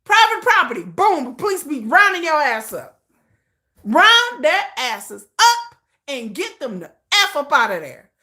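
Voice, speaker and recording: A middle-aged US woman hosting a livestream delivers a casual, emphatic rant packed with profanity and repetition. Her high, sing-song voice comes out pushed and bright, at a slightly slow pace.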